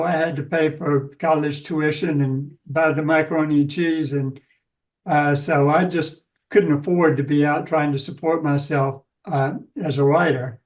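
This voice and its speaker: A man's voice: on the high side, a little mellow, far from the mic, rough recording. A man in his seventies from Georgia, a guest author answering interview questions in a reflective, hesitant way. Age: 70s. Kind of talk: casual interview talk.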